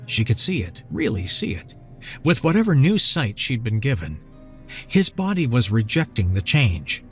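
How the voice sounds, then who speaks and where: A man narrating a scripted fantasy story in a measured, dramatic manner. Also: on the low side. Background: soft background music.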